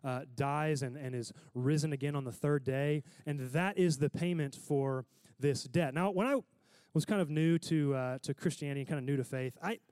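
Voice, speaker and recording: Chatty preacher man with a higher voice. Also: normal speed, darkish tone, clean tone, no echo. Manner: casual, checks in with listeners often. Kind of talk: conversational sermon.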